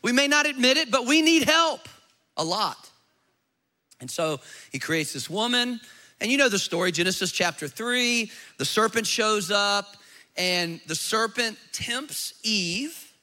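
A man's voice: high voice, lively intonation, unhurried, sharp tone. A man preaching a sermon as pastor, emphatic and joking, with rhetorical questions to the congregation.

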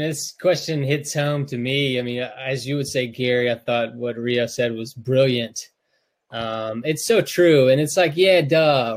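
A middle-aged man from North Carolina chats on a podcast in a mid-range voice. He is openly emotional and rambles, stumbling over restarts and fillers as he tells his story. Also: medium pitch. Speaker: podcast co-host, parent. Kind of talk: casual podcast chat.

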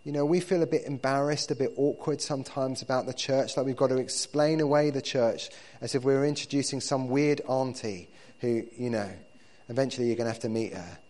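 A man preaching to his church in a relaxed, conversational way, often repeating words as he builds his points. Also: mid-range voice, brisk, few pauses. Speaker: pastor. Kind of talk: sermon.

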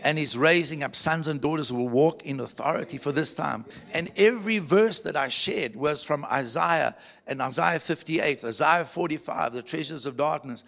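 A man preaching to a church, telling a story with animated quoted voices. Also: on the high side, moderate pace, creaky. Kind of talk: sermon storytelling.

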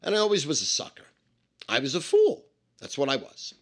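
A man telling a story about his own past in an animated, emphatic way, with lots of swearing and repetition. He explains things step by step and repeats the numbers. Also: fairly high pitch, brisk. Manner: emphatic and profane, with many repetitions.

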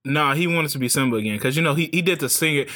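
A man's voice: on the high side, rapid-fire, sharp tone, no room sound. A young man co-hosting a podcast, easygoing and steering the casual chat. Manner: easygoing, moderating the talk. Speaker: podcast co-host.

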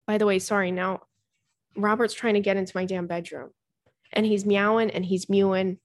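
A woman's voice: mid-range voice, steady tone, moderate pace. Frank, chatty young woman podcast host. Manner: chatty, frank, swears casually, calls listeners "girl". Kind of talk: casual advice chat reading listener messages. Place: home bedroom with cats.

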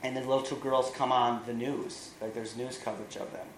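Guy preaching and retelling a movie plot, lively with dry little jokes, echoey room with faint hum behind. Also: mid-range voice, fairly quick. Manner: animated retelling with wry asides. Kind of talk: sermon storytelling.

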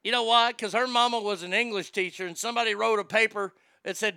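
High gravelly man, bright and crisp, sarcastic and crude, dry close sound. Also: quick pace, no room sound. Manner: sarcastic, mocking, profane; animated, jumps into loud shouts. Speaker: streamer reacting to etiquette tips. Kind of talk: casual crude ranting.

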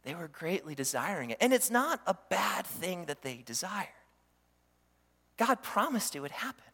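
A man preaching a sermon as pastor, animated, acting out the voices he quotes. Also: sits high, normal speed. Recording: long hall reverb.

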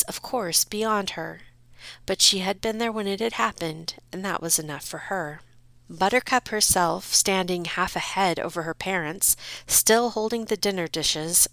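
A woman's voice: mid-range voice, a bit bright, no echo. A woman narrating a storybook in a wry, dry storytelling manner.

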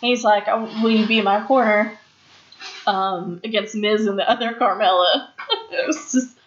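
A woman's voice: medium pitch, fairly even intonation, moderate pace, slight background noise. Chatty woman on a lo-fi recording. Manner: chatty, laughs often, acts out quotes. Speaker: podcast co-host. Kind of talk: casual chat recapping wrestling. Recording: dull lo-fi sound.

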